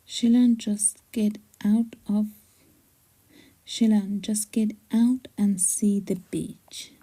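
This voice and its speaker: A woman voicing a patient young mother, in a soft, half-whispered reading voice. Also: medium pitch, fairly even intonation, slow, slightly rough. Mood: coaxing.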